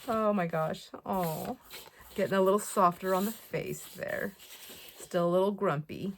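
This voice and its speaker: A woman chatting to camera while showing off a craft haul, excitable and full of fillers and asides. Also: on the low side, moderate pace, a little hiss or hum. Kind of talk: casual chat to camera.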